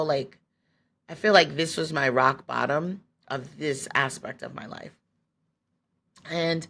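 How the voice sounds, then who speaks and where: Candid, laughing woman telling her story. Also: low-pitched. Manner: candid and animated, laughs often, acts out her own past thoughts; loose and conversational, many fillers. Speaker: podcast host. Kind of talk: personal storytelling.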